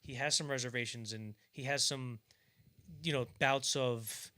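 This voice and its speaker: A man's voice: medium pitch, steady tone, unhurried, pushed and bright. A young man co-hosting a podcast, chatting casually about films, rambling with lots of fillers and acting out scenes in mock voices. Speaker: podcast co-host. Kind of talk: casual film discussion.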